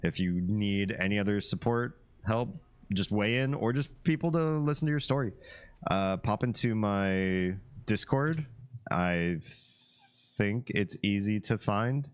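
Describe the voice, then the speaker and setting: A man's voice: lowish voice, slow, clear, resonant tone. A man hosting a live stream, chatting casually with viewers, reading their comments and laughing often. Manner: relaxed, chatty, laughs often, reads chat aloud.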